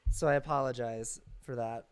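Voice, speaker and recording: A man's voice: mid-range voice, steady tone, moderate pace, clean tone. Chatty man rambling through stories. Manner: rambling, filler-heavy storytelling. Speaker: interview guest, actor and content creator. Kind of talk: casual conversational interview. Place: at home, his brother's house.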